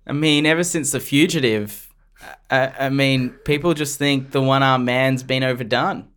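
A man's voice: mid-range voice, steady tone, normal speed, a bit bright, clear, resonant tone. A man co-hosting a late-night comedy podcast, chatting casually. His delivery is dry and playful as he riffs through odd news stories with a friend. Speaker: podcast co-host.

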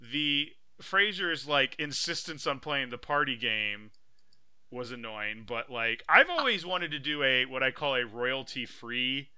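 A man co-hosting a podcast in casual chat, telling stories with laughing, shouted impressions. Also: medium pitch, unhurried, clean tone, dry recording. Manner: animated storyteller, loud laughing impressions. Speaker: podcast co-host.

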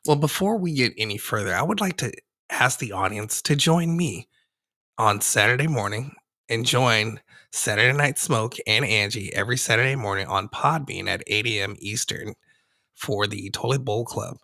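A man co-hosting a casual sports podcast, joking and quick with one-liners. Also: on the low side, expressive, pushed and bright, dry recording. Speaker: podcast co-host.

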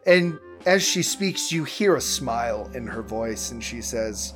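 Male game master, slow and relaxed, faint music underneath. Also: mid-range voice. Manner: relaxed, rambling, laughs easily. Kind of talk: narrating a tabletop game.

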